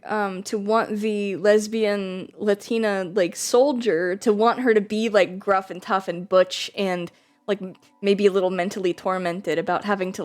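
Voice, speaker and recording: A young woman streaming from home, chatting casually and rambling with lots of fillers and giggles. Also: medium pitch. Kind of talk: casual live-stream chat.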